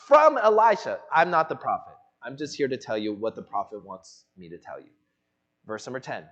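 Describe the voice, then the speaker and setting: A man's voice: fairly high pitch, dull audio. A male pastor preaching an expository sermon, who acts out the voices of the people in the story. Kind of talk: expository sermon with acted-out dialogue. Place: church sanctuary.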